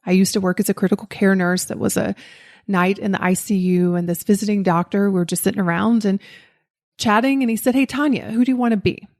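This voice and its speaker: A woman from the Southern United States with a faint Southern accent, a podcast host giving a motivational talk and telling a personal story in a lively way. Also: mid-range voice, brisk. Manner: lively storytelling, acts out quoted voices. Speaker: podcast host and life coach.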